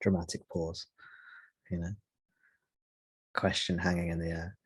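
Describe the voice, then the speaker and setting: A man leading a spiritual meeting, answering a question in a slow, reflective way with long pauses. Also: sits low, monotone, slightly rough. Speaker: satsang teacher.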